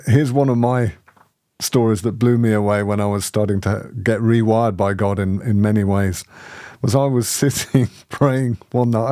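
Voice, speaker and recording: A medium-pitched man who hosts a spiritual community tells a personal story in lively conversation, laughing often and restarting sentences. The recording is studio quality with no echo.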